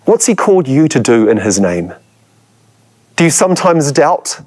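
A man's voice: a little high, very animated, normal speed, a little mellow. A man, a church history lecturer, preaching a sermon with dramatic emphasis and rhetorical questions put to his listeners.

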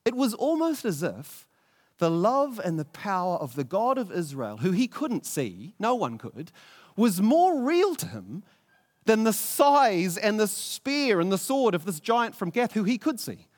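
A man telling a story in the first person with sweeping swings of pitch, dropping low for tense moments and rising high for drama. He stammers and repeats now and then. A long reverb hangs behind every line. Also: sing-song. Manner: vivid, halting, with stammered repeats.

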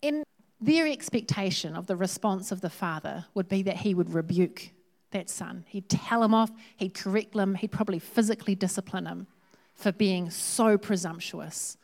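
A woman who preaches a sermon in a lively, humorous, conversational way. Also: mid-range voice, moderate pace, gravelly.

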